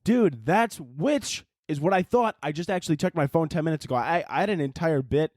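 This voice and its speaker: A man's voice: on the high side, animated, fairly quick, a little mellow, no room sound, clean studio sound. A young man hosting a podcast, rambling through a jokey, profane comic monologue. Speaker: podcast host. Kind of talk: casual comedic monologue.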